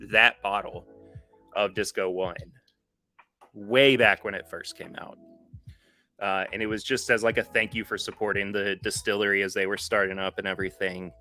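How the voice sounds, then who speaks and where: A man's voice: fairly low pitch, pushed and bright. Tired, chatty man hosting a live stream. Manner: rambling, self-correcting, chatty with viewers. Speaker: podcast host. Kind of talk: casual live-stream chat.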